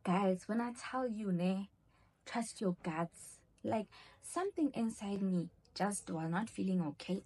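Husky young woman, chatty storytime vlogger, voices the people in her tale. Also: medium pitch. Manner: animated storyteller acting out quoted dialogue. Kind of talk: storytime vlog.

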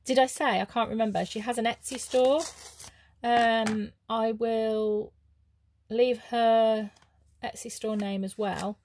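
A woman chatting casually as she opens craft mail, gushing with soft oohs and ums. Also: fairly high pitch, steady tone, slow, slight background noise. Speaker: craft vlogger. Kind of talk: casual unboxing chat.

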